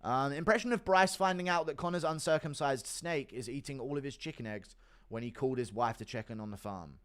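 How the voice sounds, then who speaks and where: A man's voice: mid-range voice, fairly quick, clear, resonant tone. A man hosting a casual livestream who reads out donations and answers questions in a blunt, profane, offhand way. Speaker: livestream host.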